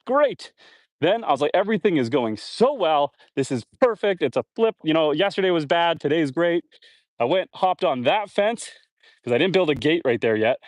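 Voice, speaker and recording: A man's voice: on the high side, dry recording, studio quality. Chatty homestead man talking outdoors. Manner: rambling, chatty, talks to viewers and animals. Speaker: homestead livestreamer. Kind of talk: casual live-stream chat. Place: outdoors on a homestead, watering trees.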